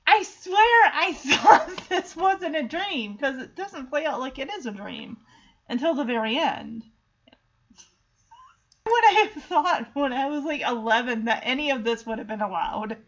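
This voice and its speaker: A woman's voice: high voice, expressive, unhurried, highs cut off. A woman casually recapping a TV episode, chatty and giggly as she tells it. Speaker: show recapper.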